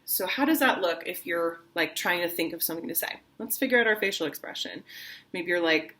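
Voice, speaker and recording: A woman's voice: lowish voice, normal speed, bright, forceful tone. Opera-singer woman as voice teacher, casual and chatty, slips into acted lines. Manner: chatty, full of "like" fillers; acts out short dramatic quotes mid-explanation. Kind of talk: casual online singing lesson.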